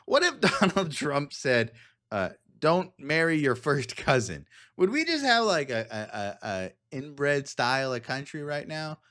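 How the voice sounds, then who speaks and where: A man's voice: fairly high pitch, very animated, a little slow, pushed and bright. A man hosting a casual commentary podcast, rambling and digressive with frequent laughs. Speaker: podcast host.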